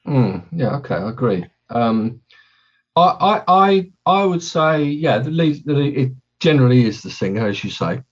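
A man's voice: medium pitch, animated, normal speed, dull audio. A man hosting a podcast in casual chat, rambling and correcting himself as he talks. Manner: rambling, self-correcting, chatty. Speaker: podcast host.

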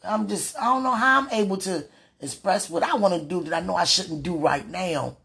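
Husky woman praying fervently aloud. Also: lowish voice, a little fast, a bit bright. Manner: fervent, pleading, rambling, laughs between phrases. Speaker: religious speaker. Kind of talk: emotional spoken prayer.

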